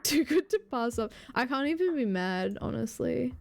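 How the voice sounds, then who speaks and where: A woman's voice: fairly high pitch, expressive, normal speed, creaky, a little mellow, faint music behind. A woman live streamer in casual, rambling chatter, swearing and mocking herself as she goes.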